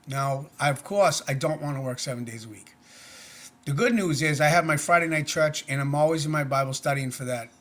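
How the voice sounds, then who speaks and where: Middle-aged man, earnest and plainspoken, a touch high-pitched, rambling vlog talk. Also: fairly quick, fairly bright tone. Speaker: vlogger. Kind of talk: casual personal vlog.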